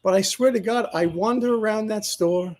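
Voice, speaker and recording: A man's voice: sits high, normal speed. A middle-aged man vlogging in a casual, rambling, self-mocking way, laughing often as he talks. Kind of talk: casual vlog monologue.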